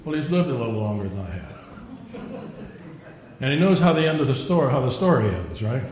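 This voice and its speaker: A man's voice: medium pitch, big pitch swings, brisk, pauses often, a little mellow. An older man preaching a sermon in a folksy storytelling way, acting out dialogue and prayers. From Norwegian. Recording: very echoey room, faint noise.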